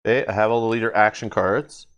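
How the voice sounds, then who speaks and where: A man's voice: on the low side, fairly even intonation, fast, fairly bright tone. A man streaming a solo card game playthrough, thinking aloud as he reads cards, laughing often. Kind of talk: casual solo playthrough commentary. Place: home gaming table.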